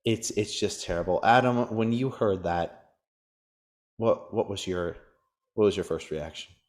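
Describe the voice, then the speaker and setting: A man's voice: lowish voice, unhurried. A man hosting a casual sports podcast, ranting and cracking crude jokes. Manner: crude, joking rants. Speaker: podcast host.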